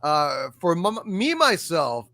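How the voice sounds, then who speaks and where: High-voiced wry male show host. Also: sing-song, takes it slowly, bright, forceful tone. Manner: wry, sarcastic commentary. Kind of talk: live pop culture panel show.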